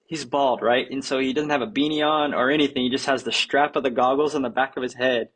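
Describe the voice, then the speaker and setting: A man's voice: medium pitch, steady tone, fast, fairly bright tone. A young man, a guest, telling a story in a laid-back way, saying dude and like constantly. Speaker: guest skateboarder. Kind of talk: casual storytelling.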